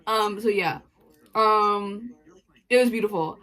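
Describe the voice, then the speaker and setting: A woman's voice: medium pitch, fairly even intonation, slow, a bit bright. A young woman vlogging a casual storytime, rambling, giddy and swearing, with bursts of laughter.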